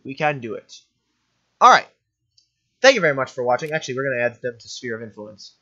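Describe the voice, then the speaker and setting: A man's voice: medium pitch, very animated, fast, pushed and bright, muffled recording. A young man giving offhand, rambling commentary while playing a strategy game, often correcting himself. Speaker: gaming commentator. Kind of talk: let's play commentary.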